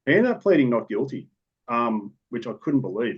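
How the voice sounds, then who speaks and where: A man's voice: mid-range voice, sing-song, moderate pace, husky. A man with an Australian accent, a police officer telling stories from the job in a podcast interview, in a matter-of-fact, rambling way with restarts. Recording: dull lo-fi recording.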